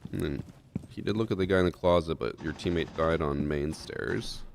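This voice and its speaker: Deep-voiced man reviewing gameplay casually. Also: moderate pace, creaky, slight background noise. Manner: relaxed, thinks aloud with fillers. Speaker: streamer reviewing a match replay. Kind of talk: casual gaming chat.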